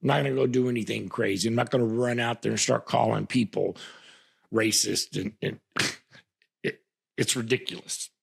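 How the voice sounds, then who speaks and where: Gravelly, husky man ranting. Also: lowish voice, steady tone, normal speed. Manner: passionate, repetitive, stammering restarts. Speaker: podcast host. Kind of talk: political commentary monologue.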